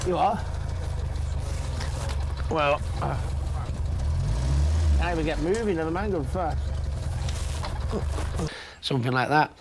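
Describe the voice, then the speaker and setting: A man's voice: on the high side, lively intonation, slow, long pauses. Chatty Mancunian man with background noise. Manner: chatty, laughs often, rambling restarts. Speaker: interviewee. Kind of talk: casual anecdotes.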